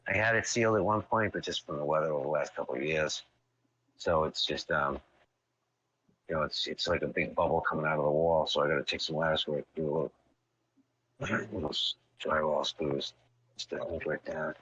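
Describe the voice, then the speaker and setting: A man's voice: extremely low pitch, steady tone, a little fast, a bit bright, slightly rough, dull audio. A man rambling in casual stream chat, swearing offhand and wandering between thoughts.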